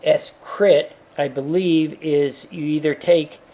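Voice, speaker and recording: A man's voice: on the high side, steady tone, takes it slowly, dark tone. A man teaching a worked engineering example, thinking aloud with frequent fillers and asides. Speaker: engineering instructor.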